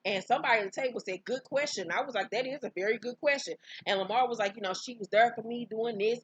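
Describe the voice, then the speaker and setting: A woman recapping a reality show in casual, profane storytelling, bursting into high, loud exclamations. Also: quick pace, breathy edge, dry recording, dull audio. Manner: profane, brash, outspoken commentary; breaks into high-pitched exclamations.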